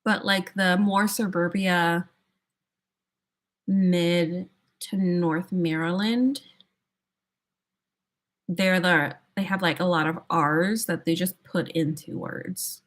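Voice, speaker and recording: A young livestream host speaks slowly in a lowish, steady voice with long pauses. She chats casually with viewers and answers them, laughing often and thinking aloud, saying "like" a lot.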